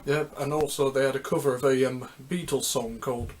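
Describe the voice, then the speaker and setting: A man's voice: medium pitch, steady tone, darkish tone, a little hiss or hum. A man in a mid-range voice gives an unscripted talk on music history. He rambles and halts, stops often to restart his sentences, and keeps a loose, casual way of talking. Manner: rambling, halting, with many restarts. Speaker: music history video host.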